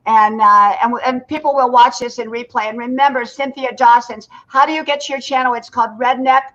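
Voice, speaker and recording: A woman's voice: on the high side, steady tone, fairly quick, a bit bright, muffled recording. An older woman hosting a casual live stream from her porch, chatty and greeting viewers by name. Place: home porch.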